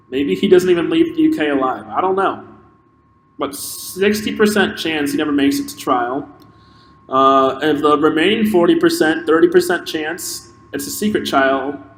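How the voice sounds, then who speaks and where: A man hosting a podcast, giving an impassioned solo opinion monologue that halts and restarts as he thinks aloud. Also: fairly high pitch. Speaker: podcast host. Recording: echoey room with long reverb and faint noise.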